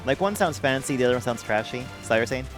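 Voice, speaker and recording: Man gamer, teasing and playful, mid pitch. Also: expressive, racing, over music. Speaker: player. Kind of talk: casual gaming chat.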